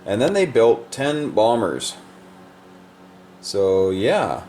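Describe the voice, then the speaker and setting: A man's voice: fairly low pitch, very animated, very slow, mellow, slight background noise. A man casually walking through the state of a board game, explaining moves in a loose, rambling way with many fillers.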